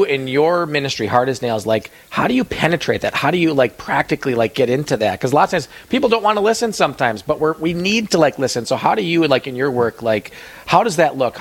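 Male radio host with an average-pitched voice. Asks long, loose questions and leans on fillers. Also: slightly rough. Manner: rambling questions with many fillers. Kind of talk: casual radio interview.

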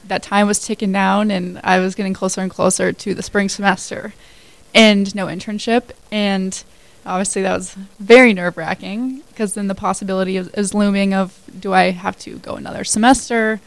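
A woman's voice: mid-range voice, steady tone, normal speed, vocal fry, no room sound, rough recording. A woman in her twenties, a new hire telling her story as a guest in a casual radio interview, chatty with many fillers. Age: 20s.

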